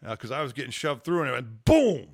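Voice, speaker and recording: A man, a podcast guest, telling a wild personal story in an animated, profane way. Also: mid-range voice, fast, dry recording. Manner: profane, excitable, acts out dialogue. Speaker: guest, former combat controller.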